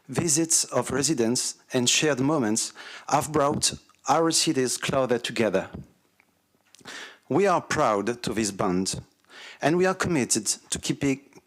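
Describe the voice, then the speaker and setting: Casting: man, French accent, non-native English, measured formal address at a civic ceremony. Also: mid-range voice. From France. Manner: slow and deliberate, reading carefully. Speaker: visiting civic representative.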